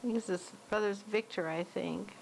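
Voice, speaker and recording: A woman's voice: medium pitch, normal speed, vocal fry, darkish tone, slight background noise, low-quality recording. An older woman casually narrating old family home movies, recalling details in a chatty way. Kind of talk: casual reminiscing.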